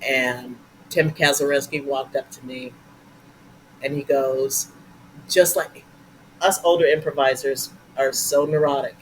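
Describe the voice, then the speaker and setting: An older woman, a guest improviser, telling animated stories in a casual interview and swearing freely. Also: very deep voice, measured pace, pauses often, a little hiss or hum, low-quality recording.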